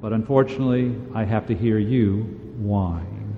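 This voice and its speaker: A man's voice: on the low side, normal speed, gravelly, few pauses, dark tone. A man preaching a sermon as a pastor, in a conversational, emphatic way. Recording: dull sound in a large reverberant hall.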